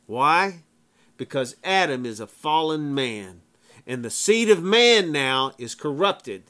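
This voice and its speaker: A man's voice: on the high side, very animated, slow, bright, forceful tone. A man preaching a sermon, emphatic, repeating phrases for effect in plain folksy wording.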